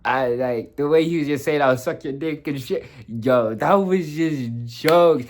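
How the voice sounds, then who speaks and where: A man's voice: a little high, measured pace, few pauses. A young man giving an emotional, rambling review of a TV finale, full of fillers, restarts and swearing. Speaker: vlogger reviewing a TV show. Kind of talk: casual rambling reaction review.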